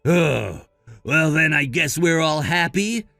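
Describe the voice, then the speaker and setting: A man's voice: fairly high pitch, animated, takes it slowly, creaky, bright, forceful tone, no echo, soft background music, heavily acted. A man voicing a selfish, whiny grown man who is petulant and pushy.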